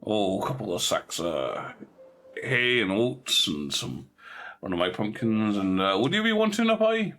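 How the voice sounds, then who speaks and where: A man's voice: fairly low pitch, very animated, unhurried, fairly bright tone, faint music behind. A man voicing a polite, hesitant farmer and former soldier. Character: honest middle-aged male farmer and ex-soldier.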